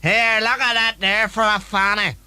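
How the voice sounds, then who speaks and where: A brazen, foul-mouthed woman from the audience, pitched high and ringing bright, as a man puts her on. She speaks with a crude, shameless manner. It is a comedy sketch voice. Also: level tone, normal speed, clear, resonant tone, dry recording. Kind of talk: comic sketch acting.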